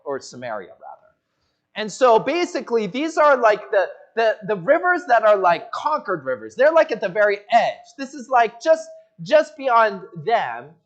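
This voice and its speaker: The muffled recording captures a high-pitched male pastor delivering an expository sermon. Standing in a church sanctuary, he voices the people in the story as he goes.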